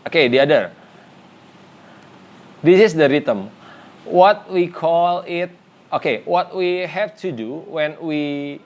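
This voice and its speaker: A man giving a design lecture, his voice sitting a little high for a man. He speaks unhurriedly, in non-native English with an Indonesian first language, stopping often for fillers and restarting his sentences. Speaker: teacher.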